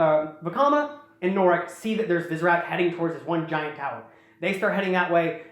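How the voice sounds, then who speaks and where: A podcast host, mid-pitched, casually retelling a story and jumping into quick character quotes along the way. The room sound is echoey. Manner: rambling, animated retelling full of acted quotes.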